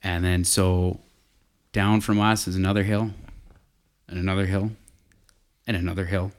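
A man's voice: low voice, level tone, moderate pace. A man telling a casual hunting story, rambling with fillers and restarts.

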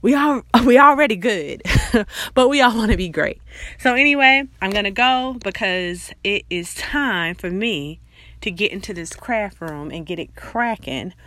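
A woman's voice: mid-range voice, fairly bright tone, no room sound. Chatty motivational woman podcast host. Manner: chatty, motivational, laughs often. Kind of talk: casual solo podcast talk.

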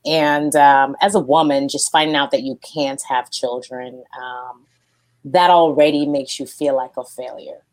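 A woman with a low voice shares personal reflections on a podcast. Her delivery is halting and thoughtful, full of pauses and fillers. She sounds casual and candid. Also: a little mellow. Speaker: podcast co-host. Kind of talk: casual chat.

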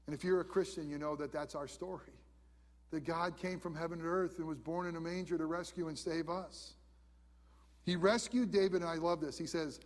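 A man preaching a sermon as a pastor, emphatic, swinging from loud exclamations to soft, quiet questions, with many restarts. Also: a little high, a little fast, big-room sound.

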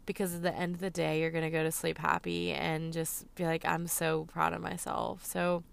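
A young woman in Los Angeles vlogs to her viewers in a casual, emotional chat, her voice low, gravelly, clear and resonant. She's chatty and fills her talk with "like" and "um."

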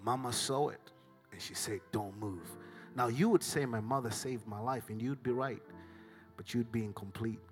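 A middle-aged man from Africa with a Southern African accent, preaching a sermon, swinging from hushed whispers to shouted climaxes. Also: mid-range voice, normal speed, faint music behind. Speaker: pastor.

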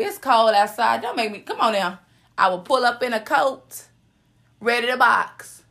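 Sassy high-voiced woman podcast host. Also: animated, moderate pace, gravelly, a bit bright. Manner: sassy, profane, preachy, repeats lines for emphasis. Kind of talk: motivational podcast monologue.

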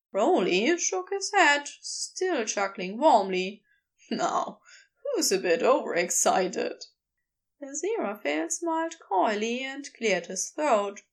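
A woman reading fan fiction aloud as narrator, slow, lingering and expressive. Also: fairly high pitch. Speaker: audiobook reader.

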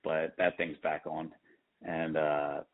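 A man's voice: a bass voice, level tone, slow pace. A man in casual, self-deprecating chat about rec hockey, joking as he talks. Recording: phone-like narrow sound.

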